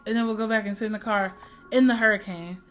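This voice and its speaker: A young woman vlogger casually retelling a frustrating day, acting out the dialogue with lively, dramatic delivery. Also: mid-range voice, fast, soft background music. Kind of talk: casual storytelling chat.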